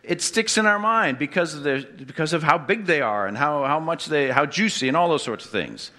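Man, pastor, sermon, bright voice, slightly high pitch, asks the congregation questions, wry humor. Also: expressive, a little fast.

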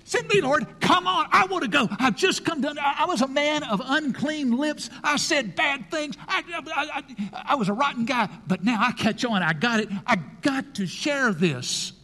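A preacher putting on an eager, pleading prophet. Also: male voice, expressive, moderate pace, few pauses, pushed and bright, exaggerated voice. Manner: high, breathless, pleading. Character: eager excited male prophet volunteering. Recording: long hall reverb.

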